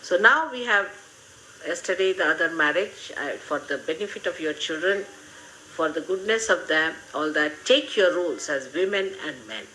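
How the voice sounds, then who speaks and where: Older woman, bright animated voice, motherly humor, faint hiss. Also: fairly low pitch, normal speed, rough recording. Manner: gently humorous, motherly, rambling. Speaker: spiritual teacher. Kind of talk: spiritual talk to followers.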